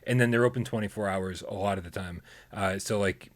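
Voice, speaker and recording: A man's voice: lowish voice, a little fast. A man co-hosting a live gaming stream, chatting loosely with self-deprecating jokes and many restarts. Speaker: podcast co-host. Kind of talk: casual chat on a live stream.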